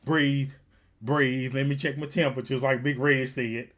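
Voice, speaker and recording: A man's voice: mid-range voice, level tone, a little slow, a bit bright. A man hosting a watch party stream, chatting casually in slang, teasing and laughing as he reacts to the game. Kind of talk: casual live reaction chat.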